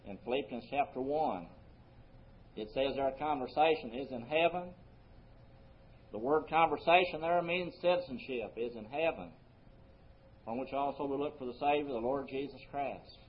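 A man preaching a sermon earnestly, his voice rising for emphasis and then dropping soft. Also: mid-range voice, normal speed. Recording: muffled lo-fi recording.

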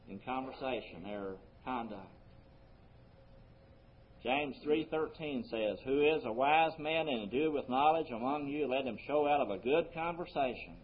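Male preacher, mid-pitched, earnest sermon delivery with swelling emphasis; dull lo-fi recording. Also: a little hiss or hum. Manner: earnest preaching, rising emphasis then dropping soft. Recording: muffled lo-fi recording.

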